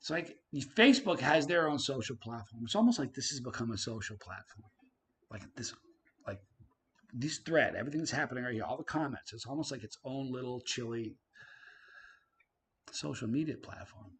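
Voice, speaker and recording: Male live-stream host, mid-pitched, chatty, reads comments aloud. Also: lively intonation, moderate pace, slight background noise. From Canada. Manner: chatty, reads viewer comments aloud, swings loud and quiet. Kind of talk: casual live stream chat.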